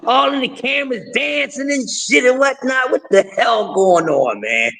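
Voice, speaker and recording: A man hosting a casual livestream in a raspy voice, talking loudly and animatedly with frequent shouting and laughter. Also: very high-pitched, animated, normal speed, slight background noise. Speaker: livestream host.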